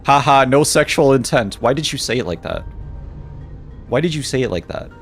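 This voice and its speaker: A man's voice: mid-range voice, lively intonation, normal speed, faint music behind. A man live-streaming a game, chatting casually with his viewers in a playful, teasing, mock-dramatic way.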